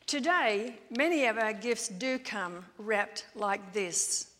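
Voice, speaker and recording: A woman's voice: medium pitch, fairly bright tone. Woman preaching in a reverberant church. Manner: measured, storytelling sermon delivery. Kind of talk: sermon. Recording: long church-hall reverb.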